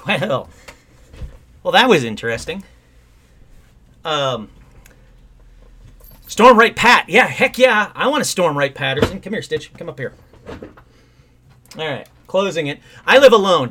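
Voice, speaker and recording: A man hosting a casual call-in livestream from home, rambling and excitable with sudden outbursts. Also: on the high side, a little slow, pauses often. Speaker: host of a call-in livestream show. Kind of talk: casual live-stream chat.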